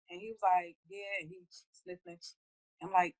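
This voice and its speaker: Middle-aged woman guest, low voice, heartfelt, jumps up in pitch when she quotes herself or her family. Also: lively intonation, brisk, poor audio. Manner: heartfelt, acts out her own conversations in a higher voice. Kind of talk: casual interview talk.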